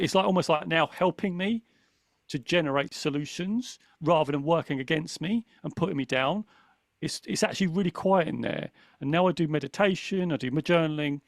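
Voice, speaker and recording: A man's voice: fairly high pitch, vocal fry, dry recording, clean studio sound. A man talking casually on a podcast panel, acting out the voice in his head as he tells stories. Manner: animated, acts out his inner voice. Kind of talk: casual conversation.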